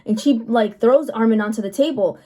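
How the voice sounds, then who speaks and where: A woman's voice: fairly high pitch, fairly quick, mellow. A woman giving a casual, chatty episode recap, telling the story loosely with lots of fillers. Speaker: anime reviewer.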